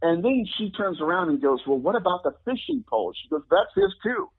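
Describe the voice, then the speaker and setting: Animated husky man over a phone-like line. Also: quick pace. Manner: acts out quoted people with jumps in pitch. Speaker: guest demonologist. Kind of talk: animated storytelling. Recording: phone-like lo-fi audio.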